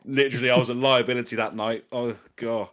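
A man co-hosting a podcast, telling a story in an animated, laughing way. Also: medium pitch, fast. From outside the US. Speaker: podcast co-host.

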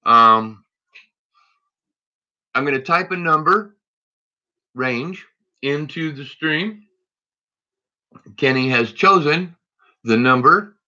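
Bright-voiced man hosting a live stream. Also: on the high side, lively intonation, slow pace, pauses often, lo-fi sound. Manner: chatty, greets viewers by name. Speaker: livestream host searching coin rolls. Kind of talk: casual live-stream chat. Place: indoors at home.

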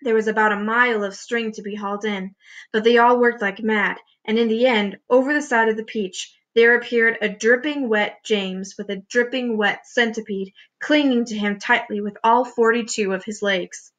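Lady doing a kids' story read-aloud, slightly high voice, lively telling. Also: normal speed, highs cut off. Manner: expressive storytelling. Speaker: reader. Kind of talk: reading a children's book aloud.

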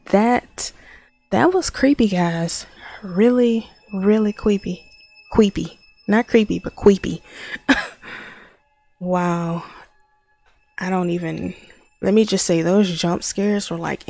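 A woman plays horror games and talks through them in a slow, unhurried way. She reacts to scares with gasps and startled remarks. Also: fairly low pitch, gravelly, darkish tone, no room sound. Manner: jumpy, gasping reactions. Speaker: horror game player. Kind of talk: let's play commentary.

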